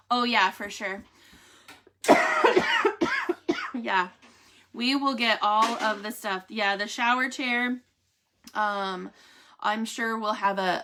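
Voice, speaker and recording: A woman, chatting candidly to her viewers, laughing often and speaking with faith. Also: a little high. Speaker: vlogger giving a family health update. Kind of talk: casual chat to camera.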